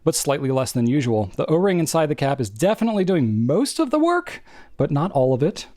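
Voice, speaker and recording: A man's voice: on the high side, very animated, brisk, dark tone, no echo, clean studio sound. A man co-hosting a podcast, chatting casually and thinking aloud with frequent restarts. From New England. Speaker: podcast co-host. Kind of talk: casual chat.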